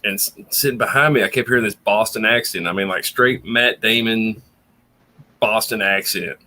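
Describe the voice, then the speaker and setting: A man's voice: lowish voice, moderate pace, bright, forceful tone. A man chatting casually on a late-night stream, telling anecdotes with plenty of swearing. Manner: profane, anecdotal.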